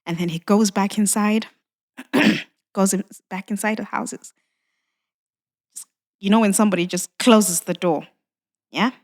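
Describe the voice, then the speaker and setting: A woman's voice: medium pitch, measured pace, long pauses. A woman guest on a podcast, telling a personal story with emotion and acting out dialogue, often saying "you know.".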